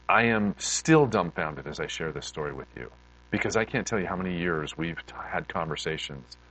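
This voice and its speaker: A middle-aged man preaching, telling an emotional testimony story with heartfelt repeated words that build in excitement. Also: deep voice, normal speed, poor audio.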